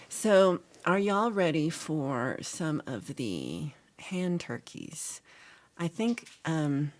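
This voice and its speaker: A middle-aged woman hosts a livestream, chatting casually with her viewers. Her voice sits low, yet her pitch swings widely as she jokes and teases the people in the chat. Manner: teasing, chatty, reads chat aloud. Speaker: livestream host.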